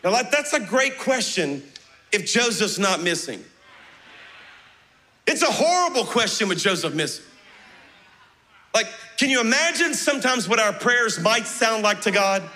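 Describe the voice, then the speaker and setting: A middle-aged pastor, preaching a sermon with passionate, animated storytelling. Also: male voice, high voice, unhurried, long pauses. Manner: passionate, animated, acting out dialogue.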